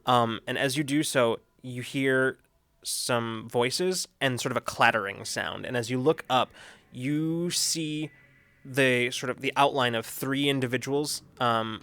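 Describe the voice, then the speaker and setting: A man narrating a tabletop role-playing game as game master, talking in a halting way with many restarts and fillers. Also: mid-range voice, a bit bright, smooth, no echo.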